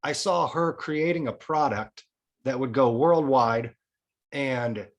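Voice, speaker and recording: A man's voice: medium pitch, slow pace. A man in his forties, a podcast guest telling a personal story in casual chat, frank and often swearing. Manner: frank, swears freely, tells a story in a lively way.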